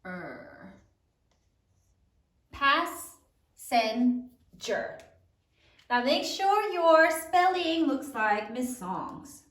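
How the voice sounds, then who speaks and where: Slow lively-voiced woman teacher, echoey room. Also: very high-pitched. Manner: slow, sounds out each letter and syllable; praises often, asks questions to students. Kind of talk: spelling lesson for third graders.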